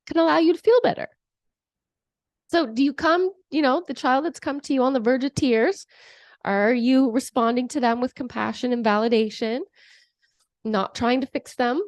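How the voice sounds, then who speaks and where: Woman coach with a bright, dry voice. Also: high-pitched, dry recording. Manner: acts out parent voices in examples, animated. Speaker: emotional coach. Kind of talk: advice talk to camera.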